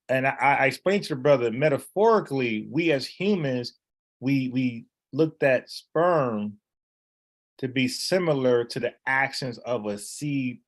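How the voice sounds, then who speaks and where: A man explains scripture in a casual, argumentative way. He talks in bursts, restarts his sentences and keeps pressing his point, with a voice pitched slightly high. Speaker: online Bible teacher. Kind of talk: casual debate commentary.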